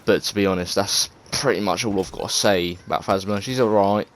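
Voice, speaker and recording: A man's voice: lowish voice, fairly quick. An English man giving casual, rambling gameplay commentary, full of fillers, restarts and swearing. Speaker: gaming video creator.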